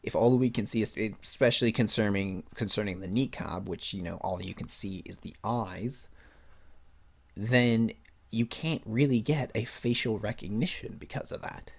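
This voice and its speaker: Blunt, sarcastic podcast host, lowish voice. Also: male voice, normal speed. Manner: sarcastic, blunt, swears, laughs at his own points. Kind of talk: casual opinion commentary, reading news aloud.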